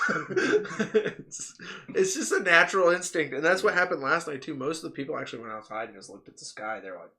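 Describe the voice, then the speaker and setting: Lively, bright-voiced man telling stories. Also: fairly high pitch, fairly quick. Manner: animated storyteller who laughs often and mimics others. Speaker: podcast co-host. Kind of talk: casual chat.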